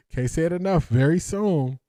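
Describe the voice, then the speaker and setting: A man's voice: fairly high pitch, warm tone, no room sound, clean studio sound. A man hosting a casual live stream, reading comments aloud, laughing often and repeating catchphrases in slangy talk. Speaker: host.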